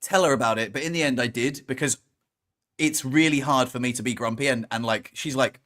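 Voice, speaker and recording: A man co-hosting a podcast tells a story in a casual chat, acting out what people said. His voice is mid-range and a bit bright, and he talks fairly quickly.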